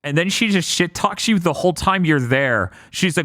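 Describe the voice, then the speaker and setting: Podcast dude retelling game cutscenes, curses a lot, animated. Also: male voice, on the high side, a little fast, few pauses, no room sound, clean studio sound. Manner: animated storytelling, acts out game scenes with swearing. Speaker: podcast co-host. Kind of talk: casual podcast chat.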